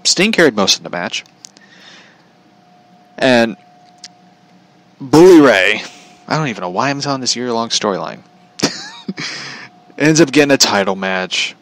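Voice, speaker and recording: A man's voice: medium pitch, huge pitch swings, a little slow, long pauses, a bit bright, poor audio. A man giving a casual, sarcastic rant about wrestling, laughing often as he talks. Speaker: commentator.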